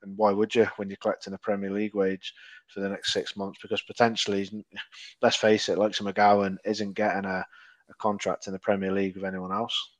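A man's voice: fairly low pitch, a little fast, no room sound. A Scottish man co-hosting a football podcast, chatting casually and acting out quoted dialogue in his stories. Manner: animated storyteller, acts out quoted dialogue. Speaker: podcast co-host. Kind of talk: casual chat.

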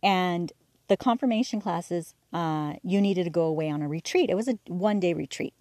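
A woman hosting a podcast, telling a personal story candidly, halting with fillers and restarts and acting out the dialogue. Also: on the low side, a little mellow, no room sound. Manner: acts out quoted dialogue. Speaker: podcast host.

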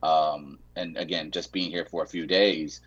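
A man's voice: rumbling low, level tone, unhurried, fairly bright tone, muffled recording. A man from Saint Louis, a guest in a casual chat, rambling with dry humor and frequent restarts.

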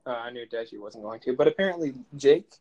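A man's voice: mid-range voice, animated, fast, darkish tone, lo-fi sound. Rambling young man on a podcast. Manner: rambling, laughs often, swearing. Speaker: podcast co-host. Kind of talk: casual chat.

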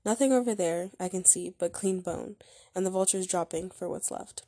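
Storybook role: woman voices a calm, reassuring husband, soft and low, mellow read. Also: moderate pace, natural voice. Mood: offhand. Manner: calm and soothing. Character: reassuring, slightly dismissive husband and father.

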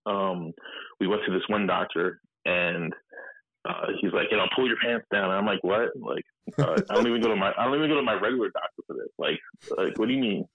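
A low-pitched man in his thirties with a gravelly, husky voice talks in a halting, filler-heavy way and acts out the voices of people in his story. The sound is tinny and dry, like a phone line. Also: no room sound. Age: 30s. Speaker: guest. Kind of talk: candid interview over a phone line.

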